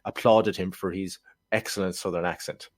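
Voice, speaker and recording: A man co-hosting a film podcast, talking in a quick, sardonic, joking way. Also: sits low, steady tone, slightly rough, dry recording. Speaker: podcast co-host. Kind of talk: casual film discussion.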